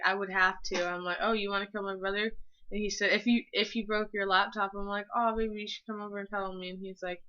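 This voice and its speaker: A woman's voice: medium pitch, bright, forceful tone, lo-fi sound. A teenage girl chatting casually to her viewers in a rambling, gushing way, full of filler words and the odd swear word. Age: teens. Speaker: vlogger. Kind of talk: casual chat.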